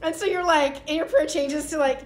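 Preaching in a church hall, a woman pastor speaks in a high voice at a fairly quick pace. Her sermon is conversational, and she playfully acts out little prayer scenes. The recording carries the echo of the church room.

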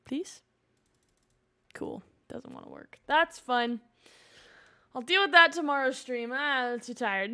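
A young female streamer gives casual commentary while playing a life-simulation game, talking to her viewers and coaxing her characters along. Her high voice has big pitch swings and a gravelly fry at phrase endings. She speaks at normal speed with a bright, forceful tone.

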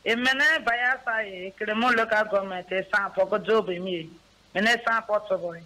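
A woman, a caller putting a question in halting, hesitant speech. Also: medium pitch, sharp tone, poor audio.

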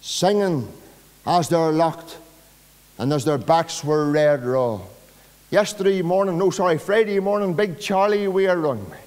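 Northern Irish male pastor, higher-pitched, fervent sermon delivery that rises loud then drops soft, reverberant church. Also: a little slow. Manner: impassioned preaching, swinging from loud emphatic calls to soft low asides.

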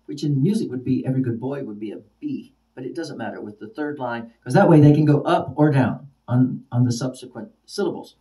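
A man's voice: medium pitch, brisk, few pauses, mellow. Emphatic man teaching, from a distance. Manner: repetitive, emphatic, drills words aloud. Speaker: ESL teacher trainer. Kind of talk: instructional lecture.

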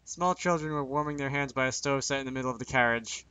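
A man's voice: mid-range voice, quick pace, bright, forceful tone, smooth, dry recording. A man reading a visual novel aloud in first person, dropping joking asides between lines.

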